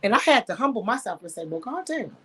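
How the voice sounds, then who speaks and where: A woman's voice: medium pitch, very fast, husky. A woman sexologist on a radio talk show who tells stories frankly and with emphasis, acting out the quotes and using slang. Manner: emphatic, animated storytelling with acted-out quotes. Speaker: sexologist guest. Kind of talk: candid radio conversation.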